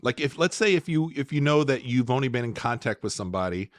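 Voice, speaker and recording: A man hosting a podcast interview, asking relaxed questions in casual chat. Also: medium pitch, quick pace, dry recording. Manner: relaxed, asks questions with small restarts. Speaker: podcast host. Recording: dry close-mic sound.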